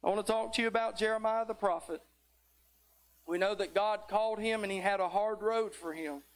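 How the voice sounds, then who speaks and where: A man's voice: high voice, fairly quick. A middle-aged man, preaching a folksy sermon that builds into fervent exhortation. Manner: tired near the end.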